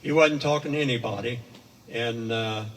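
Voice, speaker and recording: A folksy spoken story comes from an older man at a distance in an echoey hall, rambling, homespun and full of fillers and asides. He speaks in a mid-range, slightly bright voice at a moderate pace.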